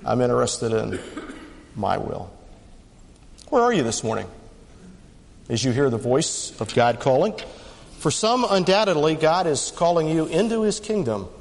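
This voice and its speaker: A man preaching a sermon as pastor, swinging between fast punchy lines and slow emphatic ones. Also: very animated, in a large hall, a little hiss or hum. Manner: dramatic rises and drops in pitch and pace.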